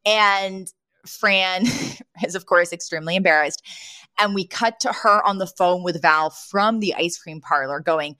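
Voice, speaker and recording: A woman's voice: fairly low pitch, unhurried, bright, forceful tone. A woman co-hosting a casual podcast, retelling a sitcom episode with lots of laughter and quoted lines. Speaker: podcast co-host.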